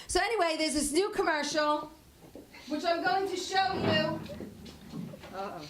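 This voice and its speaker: A woman's voice: very high voice, unhurried, pauses often, over a noisy crowd. A woman doing a stand-up set, chatty, brash and self-mocking. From Sicilian family. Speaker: stand-up comic.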